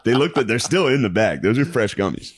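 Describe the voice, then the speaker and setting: A man co-hosting a comedy podcast in casual chat, jumping in with blunt, quick reactions. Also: medium pitch, sing-song, husky, no room sound, studio quality. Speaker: podcast co-host.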